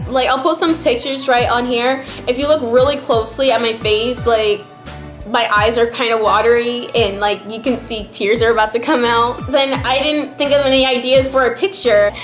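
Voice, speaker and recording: A woman's voice: fairly high pitch, steady tone, moderate pace. A young woman from New Jersey chatting casually as a vlogger, rambling and emotional, filling her talk with "like". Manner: rambling, emotional, heavy use of "like". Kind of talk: casual chat. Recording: roomy echo, faint background music. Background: faint background music.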